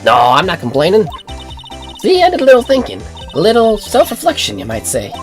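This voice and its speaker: A woman's voice: mid-range voice, wildly swooping pitch, brisk, soft background music, voice pushed up. A stuffy-nosed woman with a Southern accent voicing a chatty, scheming Southern photographer with a folksy drawl. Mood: rueful. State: stuffy nose.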